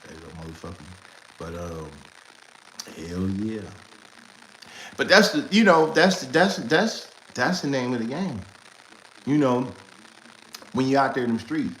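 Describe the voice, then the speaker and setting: A man casually retelling street stories, animated and laughing, in heavy slang. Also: mid-range voice, a little slow, long pauses, a little hiss or hum. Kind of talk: casual storytelling. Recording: echoey room with faint ambience.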